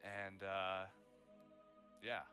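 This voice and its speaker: A man narrates a tabletop game as game master. His voice sits on the low side, and his delivery is relaxed and descriptive. Faint music plays underneath. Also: very slow. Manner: relaxed, descriptive, with many fillers.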